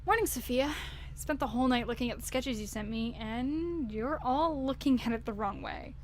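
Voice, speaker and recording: A woman's voice: on the high side, moderate pace, slight background noise, natural voice. A woman reading aloud as a confident young woman engineer handing out technical advice.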